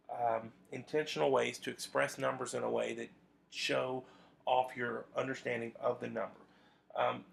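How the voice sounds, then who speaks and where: A man teaches a math lesson to camera in a loose, conversational way, filling pauses and restarting his sentences. His voice is heavily gravelly with lots of fry, sitting at an average pitch for a man. A faint hiss runs under the recording. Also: fairly bright tone. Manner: conversational, with frequent fillers and restarts.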